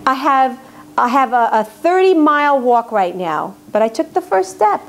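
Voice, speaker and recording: A woman's voice: a little high, big pitch swings, moderate pace, a little hiss or hum. A woman giving a religious lecture to an audience, earnest and emphatic, repeating words for stress. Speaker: lecturer on faith.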